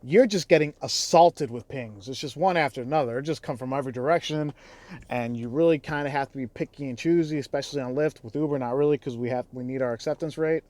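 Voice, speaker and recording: This Chicago-area man, a rideshare app driver, talks fast in a casual vlog, his delivery heated, exasperated and full of profanity. His mid-range voice has a slightly mellow quality.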